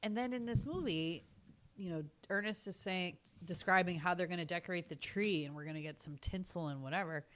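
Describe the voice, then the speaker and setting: A woman's voice: on the low side, a little fast, a bit bright, slight background noise. A woman co-hosting a podcast, chatting casually and filling her talk with "like". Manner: chatty, lots of "like" fillers. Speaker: podcast co-host. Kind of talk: casual chat.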